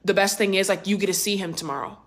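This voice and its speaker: A woman voicing a young female friend who gushes with excitement about a date. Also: mid-range voice, fast, close to an everyday voice. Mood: gushing. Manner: gushing, breathless excitement.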